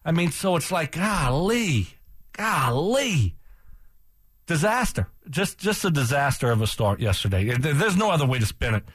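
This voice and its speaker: A man's voice: mid-range voice, very animated, fast talker, hardly any pauses, breathy edge, no room sound, clean studio sound. A man co-hosting a sports radio show, ranting in a heated way and repeating himself as he talks over a loss. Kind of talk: casual sports talk.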